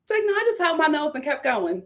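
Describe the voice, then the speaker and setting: A young woman talks straight through a live-stream review, her fairly high voice rising into loud outbursts and dropping to low mutters. She repeats her lines for emphasis in a casual, animated rant. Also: quick pace. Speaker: YouTube reality-TV reviewer.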